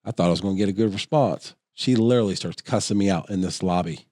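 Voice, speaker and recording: A man's voice: low voice, quick pace, no echo, clean studio sound. A middle-aged man co-hosting a podcast, telling a long anecdote in casual chat and acting out other people's voices as he goes. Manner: animated storyteller, acts out voices in anecdotes. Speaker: podcast co-host.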